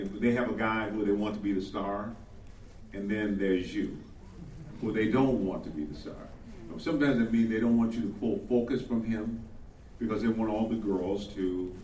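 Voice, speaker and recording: Older man, low voice, chatty anecdotes, chuckles, distant mic in an echoey room. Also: darkish tone, slight background noise. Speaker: actor. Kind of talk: panel Q&A storytelling.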